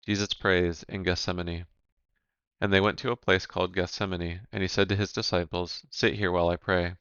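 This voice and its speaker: A man giving a measured, even reading of Bible scripture, announcing each section heading. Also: deep voice, clean tone, dry recording, highs cut off. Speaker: scripture reader.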